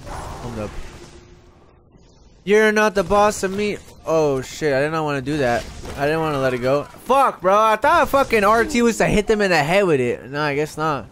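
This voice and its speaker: A man with a high voice that swings all over the place, hosting a live game stream. He talks to his viewers in an excitable rush, swearing constantly and breaking into silly chants. A faint hiss sits under his voice. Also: fairly quick. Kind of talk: casual live gaming commentary.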